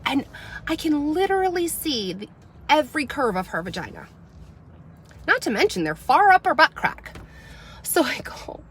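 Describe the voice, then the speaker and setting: A woman tells a family story in a casual livestream. Her voice sits on the higher side and swings widely in pitch. She gets loud and animated whenever she acts out her own scolding. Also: normal speed, pauses often, a little hiss or hum. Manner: animated, rising loud when quoting herself scolding. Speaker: mom vlogger telling a story.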